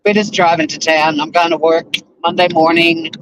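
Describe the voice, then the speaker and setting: A Tasmanian YouTuber with an Australian accent reacts live on stream while driving to work, rambling casually with plenty of fillers. His voice is on the high side with little pitch movement and a moderate pace, over faint car road noise.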